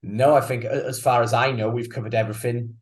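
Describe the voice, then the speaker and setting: Male podcast guest, relaxed and agreeable, mid pitch, chuckles easily. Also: quick pace. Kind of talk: casual podcast chat.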